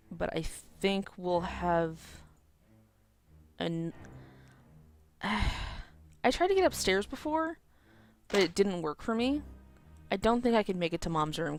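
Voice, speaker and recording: A woman giving joking, chatty let's play commentary over a game. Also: fairly low pitch. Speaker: game streamer.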